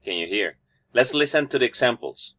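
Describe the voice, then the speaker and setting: A man's voice: mid-range voice, expressive, fairly quick, fairly bright tone. A man whose first language is Spanish teaches English phonetics, explaining each sound and repeating every example word after the audio.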